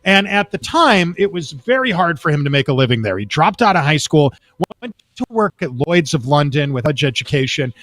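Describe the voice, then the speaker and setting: A man from Texas tells long rambling stories as a talk show guest, with a fairly high voice. His pitch swings all over the place. The sound is dry and close, from a remote call. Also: moderate pace, hardly any pauses, no echo. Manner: rambling, animated anecdotes. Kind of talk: casual storytelling on a talk show.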